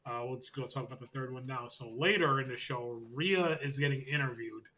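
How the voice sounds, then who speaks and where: A man co-hosting a podcast, casually recapping wrestling and loudly acting out the quotes as he goes. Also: medium pitch, brisk. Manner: animated storytelling, acts out quotes loudly. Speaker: podcast co-host.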